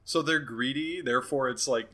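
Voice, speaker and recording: A man's voice: mid-range voice, normal speed, pushed and bright. A man co-hosting a podcast in casual chat, talking in a sarcastic, mocking way. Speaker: podcast co-host.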